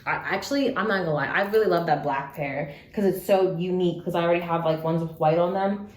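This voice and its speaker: A woman's voice: on the low side, fast. A young woman vlogging at home while she unboxes beads, sad yet chatty, with lots of likes and some swearing. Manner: upset but trying to stay upbeat, swinging between sad and excited; chatty, with frequent likes and occasional cursing. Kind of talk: casual unboxing vlog. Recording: echoey room, faint background noise.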